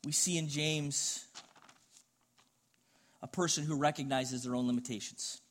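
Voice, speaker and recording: Middle-aged pastor guy preaching, earnest and chatty, voice on the higher side. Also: fairly even intonation, unhurried. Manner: earnest, conversational storytelling preacher. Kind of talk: sermon.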